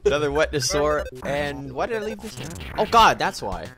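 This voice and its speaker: A young man hosts a let's play, explaining the game as he goes, his pitch a touch high and bouncing all over. He jokes and laughs a lot, and loud game music plays behind him. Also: sing-song, a little fast. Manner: jokey, laughs often, explains game mechanics. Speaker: let's play host and narrator. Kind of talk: casual game commentary.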